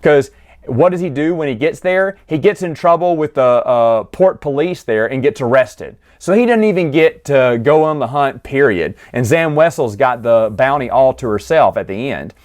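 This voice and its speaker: A man's voice: mid-range voice, lively intonation, normal speed. A man casually recapping a children's book, chatty and amused, often acting out quotes from the characters. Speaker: book reviewer.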